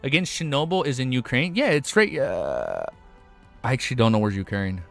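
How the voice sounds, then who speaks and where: A young man streaming live, reacting excitedly with lots of swearing and laughing at himself. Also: mid-range voice, normal speed, gravelly, soft background music. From United States.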